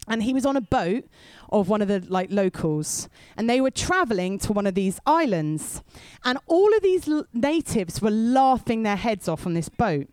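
A woman's voice: medium pitch, sing-song, moderate pace, a little mellow, no room sound. A woman preaching to a young crowd, telling stories in a chatty way with asides to the listeners. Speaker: speaker at a youth event. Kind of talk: sermon.

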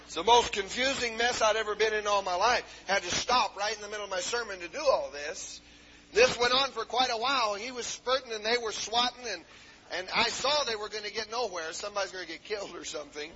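High, bright-voiced fervent preacher man. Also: a little fast, slight background noise. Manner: fervent, punctuates with hallelujahs, many "uh" fillers, climbs to shouts. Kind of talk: fiery Pentecostal sermon. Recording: dull lo-fi 1970s tape.

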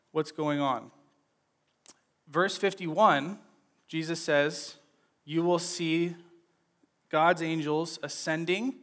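Conversational man preaching, fairly high voice. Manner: conversational, says "right?" often, animated retellings. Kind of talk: sermon, Bible teaching.

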